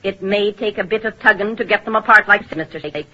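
An actress playing an uneasy, obedient nurse who answers reluctantly, in 1940s radio acting. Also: female voice, medium pitch, quick pace, natural voice. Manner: nervous and reluctant. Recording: muffled old radio broadcast.

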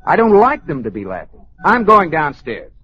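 An actor playing a fretful, jealous husband who talks hesitantly, in 1940s radio sitcom style. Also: male voice, medium pitch, very animated, moderate pace, close to an everyday voice. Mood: flustered. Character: fussy jealous husband, flustered and meek. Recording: dull lo-fi old radio recording.

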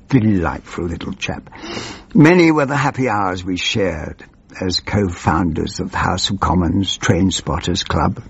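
A pompous old politician, voiced by a man rambles through his memories at a crawl. His low voice is husky and gravelly, and it swoops widely between phrases. The recording is dull and lo-fi. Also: full character voice. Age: older. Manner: meandering, wandering off and losing his thread. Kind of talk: comic character monologue.

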